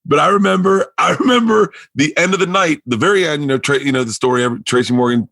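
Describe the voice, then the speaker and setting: This podcast guest is a male comedian whose voice is a little high and fast, recorded dry. Chatting casually, he tells an animated story full of restarts, voicing the other people in it.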